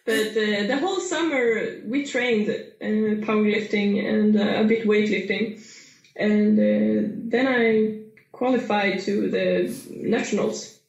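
A woman's voice: mid-range voice, fairly even intonation, takes it slowly, vocal fry, darkish tone, dull audio. A young Swedish woman with a Swedish accent, a powerlifter being interviewed, speaking hesitantly with many fillers and frequent laughter. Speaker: guest powerlifter. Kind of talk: casual interview. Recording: echoey room.

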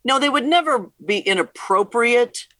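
A woman's voice: on the high side, animated, moderate pace, a bit bright, no echo. Middle aged woman rocker being interviewed, laughs a lot, stumbles over words, dry sound. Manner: candid, laughing often, restarts and repeats words. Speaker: interview guest, rock musician. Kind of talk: casual interview conversation.

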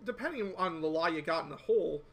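A man co-hosting a casual sports podcast, chatty, with quick asides, often quoting himself. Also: fairly high pitch, expressive. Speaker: podcast co-host.

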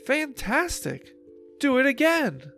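A man voicing a brave, clever young princess in a high, eager voice. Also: sing-song, a little slow, soft background music. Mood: excited.

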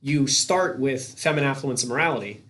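A man's voice: mid-range voice, brisk, crowd noise. A man hosting a podcast, chatting casually with anecdotes and frequent self-corrections. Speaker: podcast host. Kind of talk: casual interview chat.

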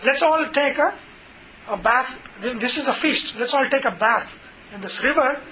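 A man's voice: very high-pitched, expressive, normal speed, bright, forceful tone, slight background noise, heavily acted, low-quality recording. A man voicing a cunning, scheming fox in a spoken fable, in a casual storytelling tone. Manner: storytelling tone, conversational.

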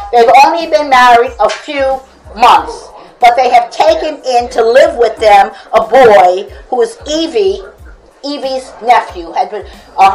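A woman's voice: fairly high pitch, rough recording. A woman reading her own book aloud with commentary, chuckling often between lines.

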